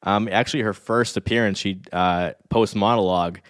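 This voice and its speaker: A man's voice: fairly low pitch, steady tone, moderate pace, no room sound, studio quality. A man in his thirties, a guest on a podcast, talking casually and with enthusiasm about past comedy episodes. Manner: enthusiastic, reflective, rambling. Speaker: podcast guest, statistics expert.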